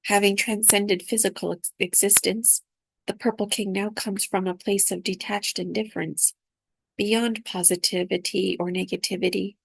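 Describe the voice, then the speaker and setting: A woman reading aloud from her own spiritual dream journal in a soft, unhurried, reflective way. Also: medium pitch, little pitch movement, gravelly, husky, no echo.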